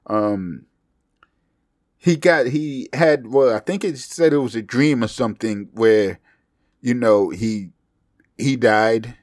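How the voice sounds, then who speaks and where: A man's voice: mid-range voice, dry recording, studio quality. A young man hosting his own podcast, talking loosely and profanely in a rambling, self-mocking way, with a slight speech impediment. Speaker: podcast host. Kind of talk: casual solo podcast monologue.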